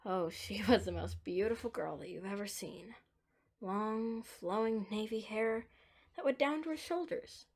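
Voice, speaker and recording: A woman narrating a dark story, moving between hushed whispers and emphatic lines. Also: medium pitch, measured pace.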